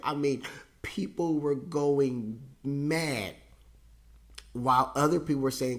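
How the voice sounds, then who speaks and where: A man hosts a loose, casual monologue, circling back on his own words with plenty of ums and uhs. His voice sits at an ordinary middle pitch, and a dry, self-mocking humor runs through it. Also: slow. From United States. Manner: rambling, conversational, with many fillers and repetitions. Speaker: host.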